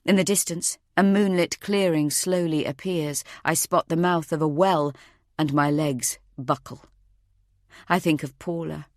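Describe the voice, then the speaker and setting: A woman narrating a first-person thriller audiobook in a tense, measured way. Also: sits low, dry recording, clean studio sound.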